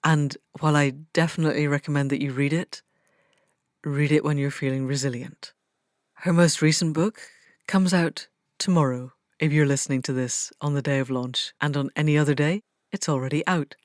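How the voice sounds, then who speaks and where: A woman's voice: sits low, fairly even intonation, moderate pace, no room sound. Effusive woman hosting a podcast, dry sound. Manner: effusive, enthusiastic. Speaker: podcast host. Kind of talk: podcast intro and interview.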